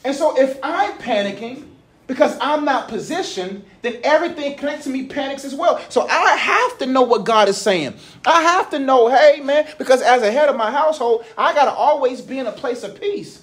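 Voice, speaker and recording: Delivering his sermon in an expressive, brisk, conversational style, a young pastor tells slang-filled stories and alternates between loud stretches and quiet, low moments.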